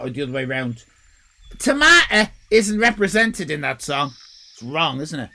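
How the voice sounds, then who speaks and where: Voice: medium pitch, big pitch swings, normal speed, pushed and bright. An Irish live-stream host chatting casually with viewers, rambling and swearing in mock outrage. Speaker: livestream host.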